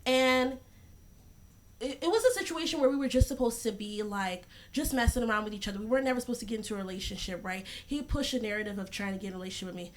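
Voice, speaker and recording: A woman's voice: mid-range voice, fast, a little hiss or hum. A young woman co-hosting a podcast, telling a story in a chatty way full of "like" and "right?". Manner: chatty, many "like" and "right?" fillers. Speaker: podcast co-host. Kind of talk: casual storytelling.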